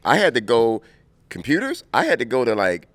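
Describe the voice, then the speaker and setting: A man in his fifties from Compton, telling stories as an interview guest, animated and quick to laugh. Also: medium pitch, dry recording. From Compton, California. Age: 50s. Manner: animated, laughing storyteller who acts out scenes. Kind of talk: casual interview storytelling.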